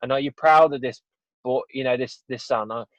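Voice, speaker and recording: An English podcast guest, male, recounts something personal at a brisk clip in a medium-pitched voice. The chat is a casual interview, and he's earnest and rambling, leaning on "you know" and "right?". The audio is dry and dull, with no echo.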